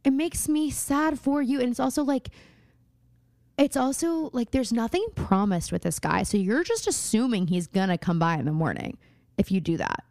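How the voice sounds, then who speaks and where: A woman's voice: fairly high pitch, moderate pace, darkish tone, no room sound. Playful chatty woman co-host, dry sound. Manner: chatty, playful, laughs often, riffs on jokes. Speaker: podcast co-host. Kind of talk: casual chat recapping a TV show.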